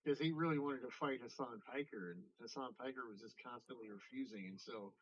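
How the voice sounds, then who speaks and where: A man's voice: mid-range voice, fairly quick, fairly bright tone, lo-fi sound. A man in casual podcast chat, rambling with stacked fillers and restarts and casual swearing.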